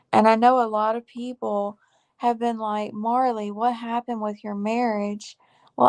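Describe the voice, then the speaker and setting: A woman in her forties giving a heartfelt faith testimony to her viewers, earnest and confiding, halting with fillers and saying y'all, close to tears. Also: mid-range voice, gravelly. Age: 40s. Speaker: faith vlogger.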